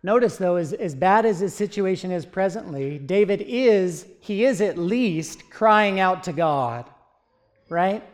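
Slow, earnest male preacher. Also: high voice, lively intonation. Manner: earnest, rhetorical questions to the congregation. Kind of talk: sermon.

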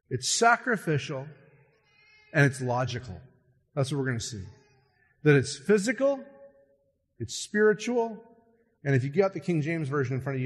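A male pastor preaches with animated emphasis, slowing right down on stressed words and rushing through quick asides. His voice sits a little high and sounds slightly husky, carried in the long reverb of a large hall. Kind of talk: sermon.

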